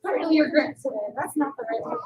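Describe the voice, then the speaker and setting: A woman karate instructor leading a children's class in an indoor studio, upbeat, calling students by name and shouting commands. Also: high-pitched, lively intonation, quick pace, echoey room, noisy background.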